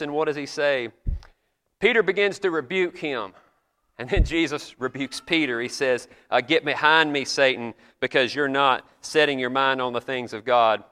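A man's voice: fairly high pitch, bright, forceful tone, smooth, long reverb tail. A man preaching a sermon in a chapel, retelling scripture in an earnest, conversational storytelling way.

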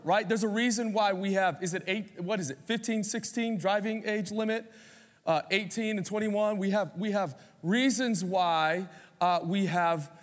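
Пастор-мужчина с высоким голосом в гулком зале. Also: male voice, high-pitched. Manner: conversational preaching with audience call-outs. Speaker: pastor. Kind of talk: sermon. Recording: reverberant hall.

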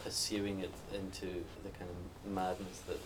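Low-voiced man on a distant mic. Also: monotone, moderate pace. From Northumberland, England. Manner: thoughtful, storytelling, some restarts. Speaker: panelist. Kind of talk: live panel discussion. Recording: distant mic, faint background noise.

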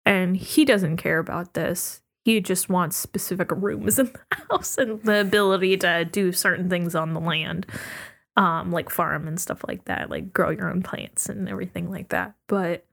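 A woman's voice: on the low side, moderate pace, creaky, fairly bright tone. Giggly, chatty young woman guest. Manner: chatty and giggly, laughs often while talking. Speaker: podcast guest, architecture student. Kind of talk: casual chat.

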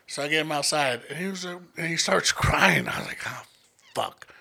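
A young man telling stories in casual, profane chat, acting out the people he quotes with lively voices. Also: a little high, moderate pace, vocal fry, slightly rough. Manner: animated, profane, acts out quotes in many voices. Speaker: podcast co-host telling stories.

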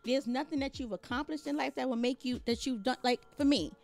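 High-voiced earnest woman. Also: brisk, vocal fry, music in the background. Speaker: podcast co-host. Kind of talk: casual group chat.

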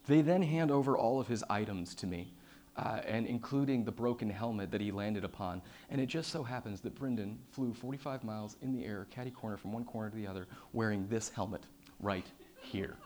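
A man giving a personal storytelling talk on stage. He swings between loud, excited telling and hushed, quiet passages, with many fillers and repeated starts. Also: mid-range voice, brisk, a little hiss or hum. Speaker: public speaker.

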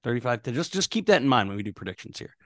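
Lively-voiced male sports podcast host. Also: mid-range voice, very fast, no room sound, clean studio sound. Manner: conversational, stats-heavy, many fillers. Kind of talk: casual sports podcast chat.

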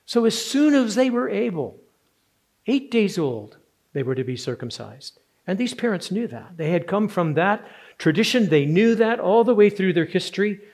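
A man's voice: sits high, sing-song, normal speed, a little mellow. A man preaching a sermon, earnest and rising to strong emphasis on key words. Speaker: pastor.

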